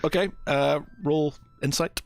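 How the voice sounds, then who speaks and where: Gravelly, unhurried game master. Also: male voice, fairly high pitch, fairly even intonation, soft background music. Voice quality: hesitant, lots of fillers, laughs easily. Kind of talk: narrating a tabletop game.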